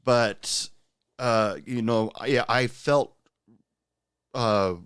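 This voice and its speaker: A man hosting a podcast, telling a personal story in a casual, rambling way with lots of pauses. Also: mid-range voice, clean tone, no echo, studio quality. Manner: rambling, many "uh" pauses, animated when quoting. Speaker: podcast host and bartender.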